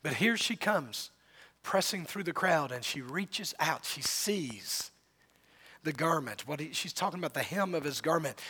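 A man's voice: a little high, pushed and bright, breathy edge. A male preacher delivering a sermon, telling the story dramatically and rising and falling in volume.

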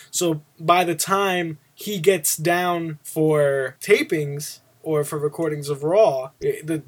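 Excitable man chatting, laughing often. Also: on the high side. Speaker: podcast co-host. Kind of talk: casual wrestling chat.

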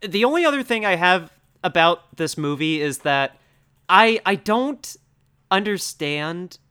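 A man's voice: high-pitched, animated, unhurried, pushed and bright, clear, resonant tone. A young man co-hosting a casual podcast about films, rambling with lots of "like" fillers and easy laughs. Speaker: podcast co-host. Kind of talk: casual film discussion.

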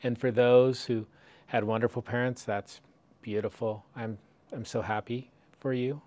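A man in a meditation group who speaks hesitantly, with frequent ums and restarts, before slowly reading a poem aloud. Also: medium pitch, fairly even intonation, a little mellow.

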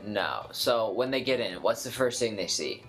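A man's voice: fairly low pitch, animated, normal speed, fairly bright tone, soft background music. A man hosting a casual chat, rambling and profane as he retells a story. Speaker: podcast host.

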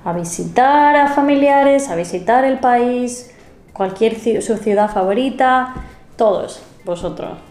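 A woman with a Spanish accent, co-hosting a casual language lesson and modeling phrases slowly and carefully. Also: on the high side, a little mellow, reverberant. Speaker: Spanish teacher co-host.

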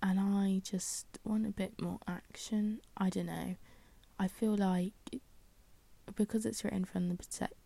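A woman's voice: medium pitch, fairly even intonation, measured pace, vocal fry, warm tone, dry recording. A young woman hosting a solo podcast, chatting casually and rambling with many fillers and self-deprecating asides. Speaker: podcast host.

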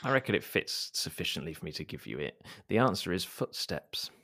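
A man with a very low, gravelly voice co-hosts a casual podcast. His pitch rises and falls in lively swings as he teases his friends and draws out riddles in a dry, mock-solemn way. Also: fairly quick. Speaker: podcast co-host.

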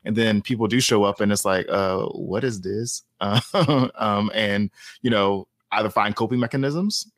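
Male guest, deep-ish voice, measured and analytical, dry recording. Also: a bit bright, dry recording. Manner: measured and analytical, often ends with a "right?" tag. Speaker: discussion guest. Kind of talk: conversational discussion.

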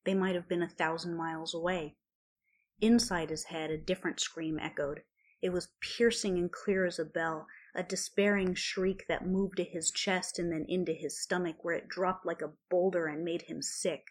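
A woman reading a story aloud in a measured, quiet way. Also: on the low side, fairly even intonation. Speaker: narrator. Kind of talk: storybook narration of fan fiction.

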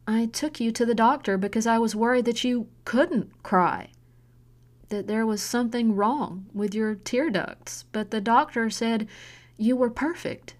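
A woman's voice: on the high side, natural voice. A woman voicing an intense middle-aged mother. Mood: earnest, pleading. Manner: earnest, pressing, slow deliberate pleading. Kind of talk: audiobook character voicing.

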